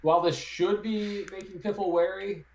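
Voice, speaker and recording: A man playing a tabletop game, speaking casually with halting, hesitant phrasing. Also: high voice, fairly even intonation, a little mellow. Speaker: player.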